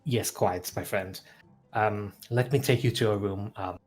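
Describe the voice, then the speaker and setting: Quiet, polite gentleman in a fantasy tabletop game, played by a man. Lowish voice. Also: measured pace, faint music behind, close to an everyday voice. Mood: soothing.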